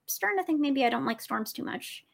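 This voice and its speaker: A woman's voice: sits high, animated, brisk, vocal fry. A woman playing in a tabletop game, chatty and hesitant, giggling often. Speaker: player. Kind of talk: casual tabletop role-play.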